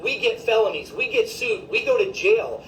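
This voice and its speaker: A woman's voice: on the high side, lively intonation, normal speed. A woman physician, delivering an indignant, emphatic, profane rant to her viewers. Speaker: physician commentator. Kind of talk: ranting video commentary. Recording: echoey room, faint background noise.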